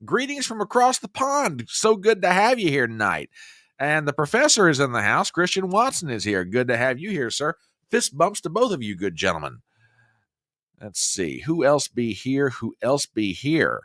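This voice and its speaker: A man's voice: medium pitch, sing-song, normal speed, fairly bright tone, no room sound, clean studio sound. An older man hosting a casual livestream, greeting viewers with chatty, exclamatory, playful banter. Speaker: livestream host.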